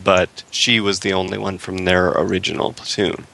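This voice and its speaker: A man's voice: sits low, level tone, moderate pace, vocal fry, pushed and bright, poor audio. A man co-hosting a casual podcast chat, explaining things at length and laughing easily. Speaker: podcast co-host.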